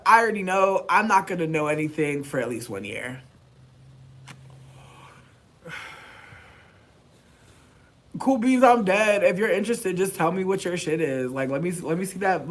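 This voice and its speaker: A man chatting casually to camera, animated and profane, swinging from loud outbursts to mumbled asides. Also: sits high, moderate pace, long pauses. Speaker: vlogger.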